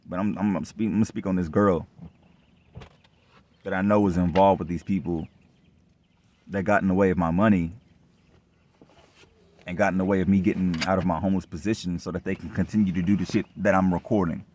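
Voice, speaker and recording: Young guy with a lowish voice ranting to camera, cussing a lot, keeps repeating himself, sounds bitter and suspicious. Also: fairly even intonation, fairly quick, long pauses, mellow, slight background noise. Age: young adult. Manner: rambling and repetitive, heavy profanity; aggrieved, distrustful tone. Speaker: vlogger telling his own story. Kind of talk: casual rant monologue.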